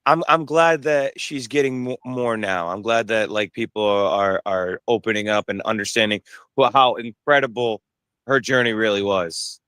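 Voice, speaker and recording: Bright, crisp-voiced male fighter. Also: fairly low pitch, dry recording. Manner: halting, many restarts and fillers. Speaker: bare-knuckle fighter, interview guest. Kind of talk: casual interview chat.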